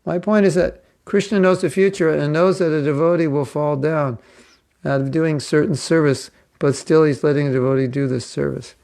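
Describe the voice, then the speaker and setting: A man's voice: a little high, steady tone, normal speed, vocal fry, darkish tone. An older man teaching an informal spiritual class, answering questions and joking with mock accents. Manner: playful, slips into mock accents.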